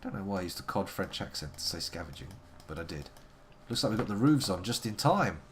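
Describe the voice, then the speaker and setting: Playful man with a lively pitch. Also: brisk, a little hiss or hum. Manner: playful, wordy, theatrical asides to chat. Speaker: live-streaming game player. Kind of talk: live gameplay commentary.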